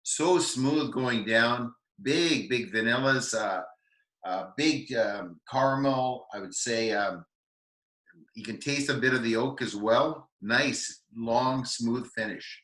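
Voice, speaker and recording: Canadian dude gushing over whisky, bright sharp voice, lots of ums, roomy echo. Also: male voice, mid-range voice. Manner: enthusiastic, halting with many fillers. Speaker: co-host of a whisky tasting show. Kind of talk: casual tasting chat.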